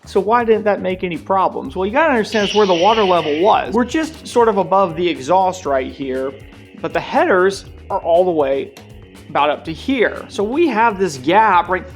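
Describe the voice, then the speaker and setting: A man's voice: high voice, lively intonation, moderate pace, soft background music. A young man hosting a motorcycle vlog, casual and playfully sarcastic. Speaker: motorcycle vlogger.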